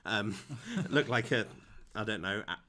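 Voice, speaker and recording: A man's voice: lowish voice, very animated, measured pace, sharp tone. A young man, co-hosting a podcast with dry, understated remarks. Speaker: podcast co-host. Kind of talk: casual chat.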